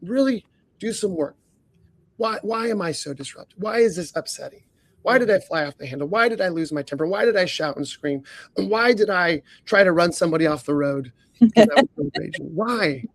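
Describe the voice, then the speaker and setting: Man, leadership coach, podcast talk, earnest, frequent throat clearing, strings of rhetorical questions, high voice, dry close sound. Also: lively intonation, normal speed, no room sound.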